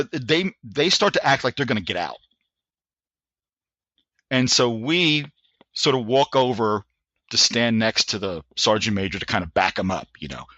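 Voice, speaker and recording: A man in his sixties telling a story as a podcast guest. He talks in an animated way, with frequent restarts, and acts out the voices of people he quotes. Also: medium pitch, no room sound, lo-fi sound. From United States. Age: 60s. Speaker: guest, Army veteran. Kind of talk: anecdotal storytelling in a podcast interview.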